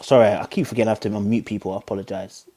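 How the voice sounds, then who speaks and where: A man's voice: fairly low pitch, rapid-fire. A man hosting a podcast in casual chat over an online call, animatedly acting out dialogue as he talks. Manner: animated, acts out dialogue in quotes. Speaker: podcast host.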